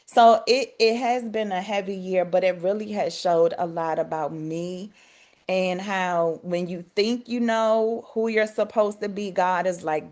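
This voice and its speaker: A woman opening up to her coaching group, speaking candidly and searchingly. She circles her thoughts with frequent fillers and restarts. Her pitch sits in a typical middle range. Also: steady tone, measured pace, darkish tone. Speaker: community member sharing her year. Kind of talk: personal sharing in a group call.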